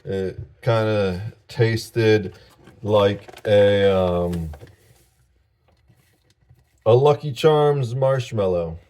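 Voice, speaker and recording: A sleep-deprived man in a casual vlog, talking in a halting, rambling way and short of breath. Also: fairly low pitch, mellow. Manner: rambling, halting, with fillers and laughs. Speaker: vlogger.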